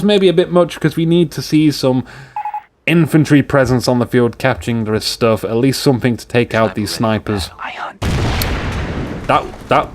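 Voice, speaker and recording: A man shoutcasting a strategy game, excitable and jokey, with rambling asides to his viewers. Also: mid-range voice, slight background noise. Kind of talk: live game commentary.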